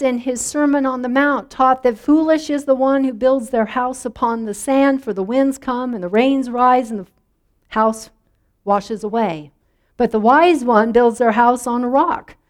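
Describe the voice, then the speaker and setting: A woman's voice: fairly high pitch, a little mellow. A middle-aged woman pastor preaching a sermon in a conversational way, drawing answers from the congregation. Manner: conversational, inviting congregation responses.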